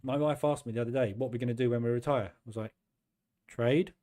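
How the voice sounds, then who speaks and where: A man in his fifties hosting a trading channel, talking in a chatty, self-deprecating way and acting out his own quick asides. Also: mid-range voice, steady tone, warm tone. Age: 50s. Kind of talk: casual chat.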